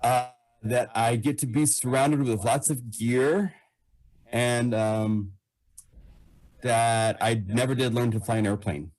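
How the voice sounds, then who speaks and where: A man being interviewed casually, answering in halting, self-deprecating bits and laughing at himself. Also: mid-range voice, steady tone, darkish tone, low-quality recording. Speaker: guest.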